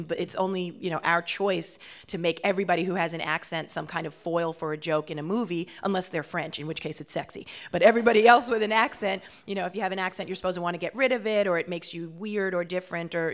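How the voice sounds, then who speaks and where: Talkative, animated woman guest. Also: on the low side, quick pace, hardly any pauses. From Washington, D.C. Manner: animated, talkative, with frequent "you know" fillers. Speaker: performer and guest. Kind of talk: radio interview.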